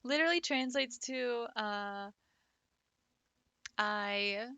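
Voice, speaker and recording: A woman's voice: a little high, drawn-out words, pushed and bright, smooth, no echo, lo-fi sound. A woman who teaches French, chatting casually on a livestream, giggling often and swearing offhandedly. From United States.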